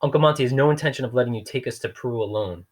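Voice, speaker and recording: A man's voice: mid-range voice, racing, close to an everyday voice. A man reading aloud, voicing a brave, determined teenage girl who speaks firmly.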